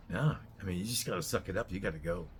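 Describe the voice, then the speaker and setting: Brief: man with a lowish voice, host ranting solo, blunt and crude, voice jumps up when riled. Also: a little hiss or hum. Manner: blunt, profane, swings to loud outbursts. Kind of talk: ranting monologue.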